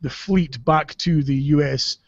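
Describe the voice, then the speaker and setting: A man from Caithness in Scotland hosts a podcast, telling meandering comic stories laced with swearing and punctuated by his own laughter. He has a Scottish accent and a slightly high voice with fairly even intonation and a slightly slow pace. The recording is dry and lo-fi.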